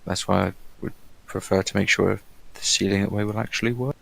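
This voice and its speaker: A man playing his character in a tabletop game, answering in a dry, polite, deadpan way. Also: fairly low pitch, fast, gravelly. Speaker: player.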